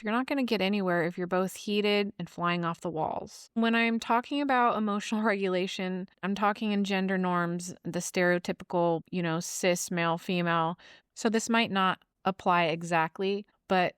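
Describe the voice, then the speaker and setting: A woman hosts her own podcast in a casual monologue, blunt and emphatic, with frequent swearing. Her voice sits at a middle pitch and sounds smooth and clear. The recording is dry and close, with no room sound. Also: normal speed, no echo. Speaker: podcast host.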